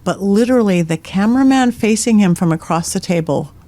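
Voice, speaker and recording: A woman's voice: medium pitch, expressive, fairly quick, mellow. A middle-aged woman, a psychic medium guest on a podcast, telling ghost stories with energy and laughing at her own lines. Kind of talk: animated storytelling in conversation.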